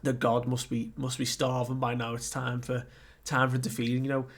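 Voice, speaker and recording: A man's voice: mid-range voice, completely flat delivery, moderate pace, close to an everyday voice. A man doing a stern old biker guardian. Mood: rambling.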